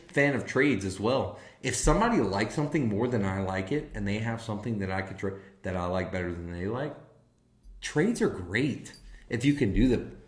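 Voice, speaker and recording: A man's voice: medium pitch, echoey room. A man hosting a casual whiskey live stream, enthusiastic and swearing freely as he talks to viewers in chat. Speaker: whiskey livestream host.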